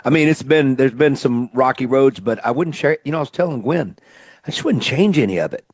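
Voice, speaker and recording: A man's voice: mid-range voice, lively intonation, fairly quick, no echo. A man from Mississippi hosting a radio show, talking in a casual, reflective and grateful way. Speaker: radio show host and singer-songwriter.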